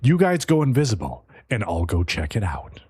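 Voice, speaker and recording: A man's voice: lowish voice, big pitch swings, normal speed, darkish tone, breathy edge, pitched below the performer's own voice, full character voice. A man voicing an easygoing, simple-minded frontier lord in his thirties who talks casually and swears. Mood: laid-back. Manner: laid-back, casual, swearing.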